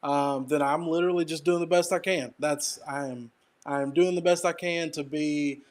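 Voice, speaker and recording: A man's voice: fairly high pitch, steady tone, normal speed. A man with an Arkansas accent, a DJ guest talking candidly in a casual interview.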